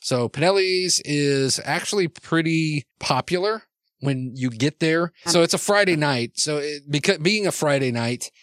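A man's voice: fairly high pitch, lively intonation, a little slow, fairly bright tone, no echo, clean studio sound. A man narrating as game master in a tabletop role-playing game, rambling with lots of fillers and restarts.

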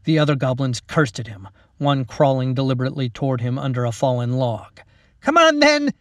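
Brief: male storybook narrator, medium pitch, steady dramatic read, dry room, slightly off mic. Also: a little fast, dry recording, recorded from a distance. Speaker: author and reader. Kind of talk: scripted narration.

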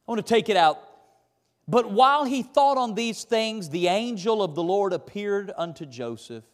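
A male pastor delivers a lively, folksy sermon. His fairly high voice swings widely in pitch as he presses his points. It rings out with a long reverb from the church hall. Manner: animated preaching, folksy and emphatic. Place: church sanctuary.

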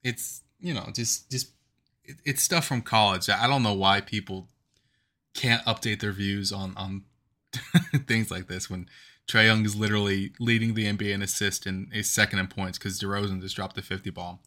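A man's voice: fairly low pitch, fairly even intonation, moderate pace, pushed and bright. A man in his twenties co-hosting a podcast, talking in a passionate, rambling, emphatic way in casual sports chat. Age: 20s. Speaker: podcast co-host.

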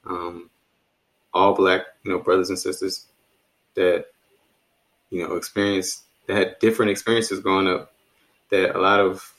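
Male podcast co-host from D.C., low voice, laid-back and reflective, lots of fillers. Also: moderate pace, pauses often, rough recording. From Washington, D.C. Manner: relaxed, reflective, many "you know" fillers. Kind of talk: casual conversation.

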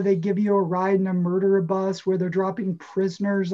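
A woman's voice: medium pitch, little pitch movement, moderate pace, warm tone. Dull-sounding woman rambling through stand-up. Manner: rambling, stumbling storytelling. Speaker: stand-up comedian. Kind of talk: stand-up comedy set.

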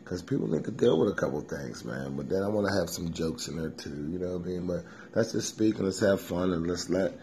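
A low, gravelly male voice rambling loosely through a self-recorded comedy podcast at home. He swears freely and keeps it conversational and offhand. The tone sits dark and mellow. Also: animated, brisk, hardly any pauses, a little hiss or hum. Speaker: comedian hosting his own podcast. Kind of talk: casual rambling comedy monologue. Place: home kitchen. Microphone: simple home setup, self-recorded.

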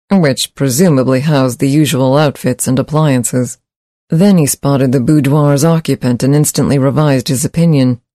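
A man reading a science fiction story aloud in measured, steady scripted narration. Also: a little high, no room sound, studio quality.

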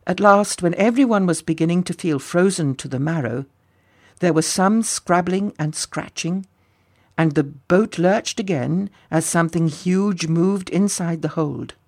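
A man reading a story aloud as narrator in a measured, expressive way. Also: high voice.

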